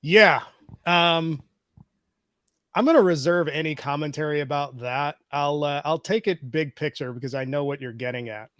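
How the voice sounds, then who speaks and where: A man who is a podcaster, answering interview questions in a measured, explanatory way and walking through data points. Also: a little high, fairly bright tone, dry recording, studio quality. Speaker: guest, podcaster.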